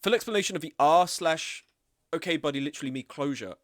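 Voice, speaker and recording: A man rants casually on a live stream, blunt and full of swearing. His voice sits a little high for a man. He picks up quoted people in higher, sillier voices, and the sound is close and dry. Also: quick pace, a bit bright, no echo.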